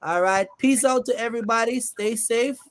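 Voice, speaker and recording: A man's voice: very high-pitched, moderate pace. A man hosting a casual livestream about a trucking business, joking with guests and reading the chat aloud in a loose, friendly way. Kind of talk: casual live-stream chat.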